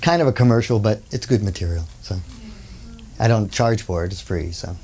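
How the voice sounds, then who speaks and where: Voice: mid-range voice, brisk, slight background noise. A workshop speaker telling an anecdote in a conversational lecture, full of asides and acted-out voices. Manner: animated storyteller who acts out the people in the story. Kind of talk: storytelling lecture.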